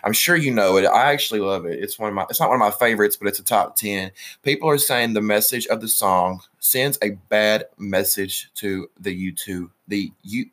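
A young Alabama man hosts a podcast in casual, opinionated chat, swearing and trailing off mid-sentence. His voice is lowish and a bit bright, and he talks briskly with hardly any pauses.

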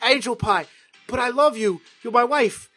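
A man voicing a smooth-talking male mob boss who pleads with his wife and heaps pet names on her. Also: very high-pitched, normal speed, bright, forceful tone, faint music behind, voice pushed up, heavily acted. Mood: pleading.

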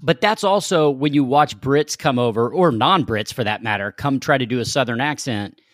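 A man co-hosting a podcast, an actor telling stories in casual chat, lively and quick to swear. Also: medium pitch, no room sound, studio quality. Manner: lively, swears freely, storyteller.

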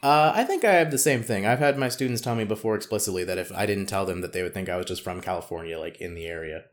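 A man's voice: low-pitched, fast. A man co-hosting a podcast in casual chat, teasing and joking, often trailing off with fillers. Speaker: podcast co-host.

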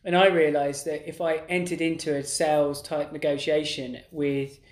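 A man's voice: a little high, little pitch movement, moderate pace. Middle-aged male co-host, casual and rambling, recorded in an echoey room. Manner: rambling, many restarts and "like"s. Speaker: podcast co-host. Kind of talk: casual conversation. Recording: roomy echo.

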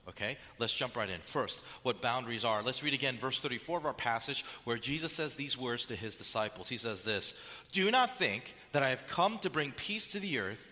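A male pastor preaching an animated sermon, acting out quoted voices as he goes. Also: mid-range voice, big-room sound.

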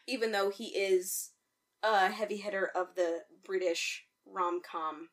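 A woman co-hosting a casual podcast chat, animated and swearing freely, with loud outbursts. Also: mid-range voice, unhurried. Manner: animated, swears a lot, bursts into loud outcries. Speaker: podcast co-host.

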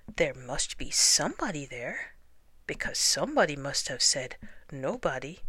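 A woman voicing a cheerful, simple, food-loving male teddy bear in a storybook reading, speaking slowly and earnestly with sing-song humming. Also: deep voice, very animated, fairly bright tone, slightly rough, no echo, full character voice.

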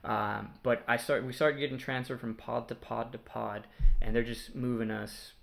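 A young man from Mexico speaks as an interview guest, recounting his own story in a casual, unscripted way. He talks haltingly, with frequent fillers, restarts and pauses as he gathers his thoughts, at an ordinary middle pitch for a man. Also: steady tone, gravelly, fairly bright tone. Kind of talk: casual personal testimony.

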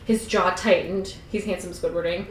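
A woman's voice: fairly low pitch, roomy sound, a little hiss or hum, poor audio. A young adult woman co-hosting a podcast, who reads a novel aloud and breaks off for giggly, irreverent comments. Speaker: podcast co-host.

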